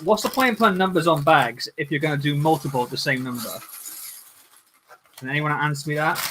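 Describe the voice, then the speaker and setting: A man's voice: a little high, a little fast, noisy background. A man hosting a casual livestream, chatting and joking with viewers as he builds. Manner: jokey, chatty, talks to viewers. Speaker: livestream host.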